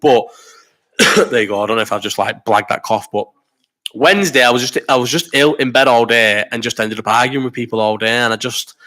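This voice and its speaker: Rambling man in his thirties, crisp mid-pitched voice, sweary chat-show host, a little ill and coughing. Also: sharp tone. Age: 30s. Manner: rambling and sweary, quick banter. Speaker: host of a live chat stream. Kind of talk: casual chat reading viewer comments.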